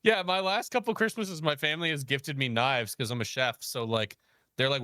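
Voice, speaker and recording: A man who works as a chef, telling a story in casual chat, animated, laughing often and acting out quoted dialogue. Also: medium pitch, normal speed, clean tone, no echo, clean studio sound. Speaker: guest, chef.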